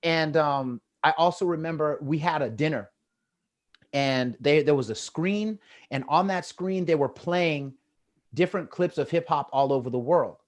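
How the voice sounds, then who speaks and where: A man with an American accent telling lively stories in casual chat over a video call, acting out the quotes with a rising voice. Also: a little high, moderate pace. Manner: animated, acts out quotes with rising voice. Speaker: guest storyteller.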